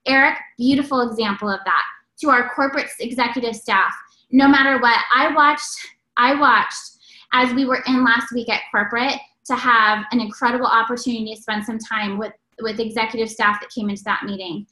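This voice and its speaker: Casting note: high, bright, energetic woman delivering a motivational stage talk in an echoey room. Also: fairly quick. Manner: energetic, preachy, exclamatory. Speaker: network marketing speaker.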